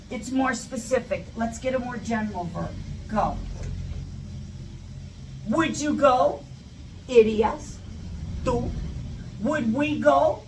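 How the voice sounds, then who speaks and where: A high-voiced woman teaches English grammar at an unhurried pace, chatty and prone to tangents. She sounds far from the mic in an echoey space, with light static and faint ambient noise behind her. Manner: chatty, goes off on tangents, repeats example questions. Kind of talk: live English lesson for Spanish speakers.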